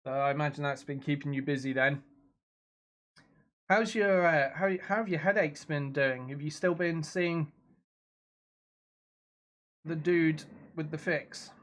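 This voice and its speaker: A man's voice: on the high side, unhurried, pauses often, fairly bright tone. A young man streaming a video game from his home computer, chatting casually, reacting aloud to the action and reading messages from his viewers. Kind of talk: casual live-stream commentary.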